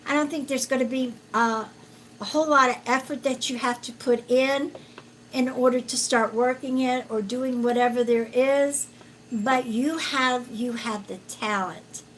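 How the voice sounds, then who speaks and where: A woman psychic reads cards for viewers on a live stream, speaking very slowly in a gentle, slightly high voice. She pauses often with fillers and calls people sweetheart. A faint hiss of room noise sits under her home recording. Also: steady tone, poor audio. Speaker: psychic reader. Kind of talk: live-stream card reading.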